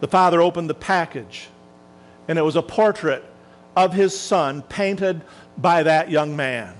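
A man preaching a sermon as a minister, telling a story dramatically and slowing down for emphasis. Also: a little high, rough recording.

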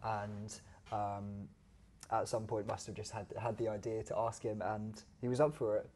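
A man's voice: fairly low pitch, level tone, normal speed, darkish tone. A man co-hosting a podcast, chatting casually with frequent laughs and fillers. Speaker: podcast co-host. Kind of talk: casual chat.

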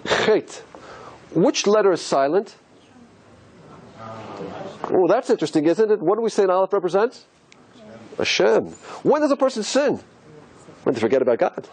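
A man's voice: high voice, sing-song, moderate pace, long pauses, a little mellow. A man teaching as a rabbi, asking rhetorical questions and musing aloud as he explains letters on a board. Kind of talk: teaching lecture.

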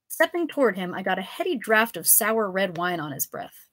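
A woman reading her own absurd comic story aloud in a live reading, telling it with expressive, animated delivery. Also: mid-range voice, moderate pace, dry recording. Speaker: author and reader.

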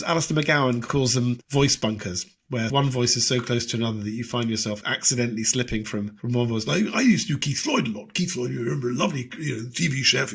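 A man's voice: medium pitch, fairly bright tone, husky. A man, a guest impressionist, chatting in an interview and slipping into voices mid-sentence. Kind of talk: casual interview chat.

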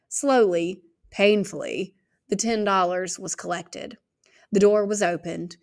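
Woman narrator for an audiobook read-aloud, steady delivery, noticeable vocal fry. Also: mid-range voice, slow. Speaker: reader. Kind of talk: reading a novel aloud.

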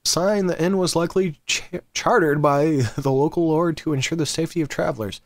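A man's voice: on the high side, brisk, no echo, studio quality. A man hosting a let's play, joking casually and reading out game text. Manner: laid-back, joking. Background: game music.

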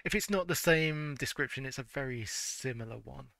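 A man's voice: medium pitch, normal speed, gravelly, pushed and bright, no echo. A man, casually commenting on a retro game and reading its text aloud, stumbling and correcting himself with frequent laughs. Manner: stumbling over words, self-correcting, laughing. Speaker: let's-play host.

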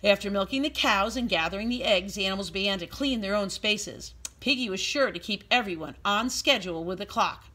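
A woman preschool teacher reading a storybook aloud to young children in an expressive, sing-song way. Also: medium pitch, fairly quick, hardly any pauses.

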